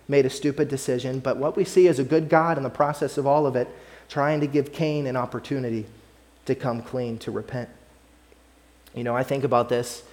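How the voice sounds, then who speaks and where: A man's voice: mid-range voice, a little mellow. A man preaching a sermon in an earnest, conversational way, often repeating his phrases. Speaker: pastor.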